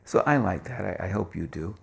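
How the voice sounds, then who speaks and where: A man's voice: low-pitched, animated, a little fast, vocal fry, slightly rough. An older man giving an informal talk, rambling with many fillers and restarts and acting out the voices of people in his stories.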